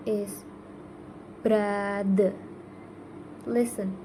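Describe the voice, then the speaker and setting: A young woman, a native Indonesian speaker, talks in English with an Indonesian accent in a very unhurried way. She presents her own class work carefully, stopping to repeat single words over and over to demonstrate them. Her pitch sits in the middle for a woman, and faint noise hangs behind her. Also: fairly even intonation, a little mellow, low-quality recording. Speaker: student.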